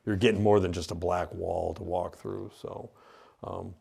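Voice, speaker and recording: A man's voice: deep voice, flat delivery, normal speed, gravelly, warm tone, husky. A man who owns a haunted house, casually explaining it on a tour with lots of fillers and restarts. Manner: rambling, with many fillers and restarts. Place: inside an old industrial building.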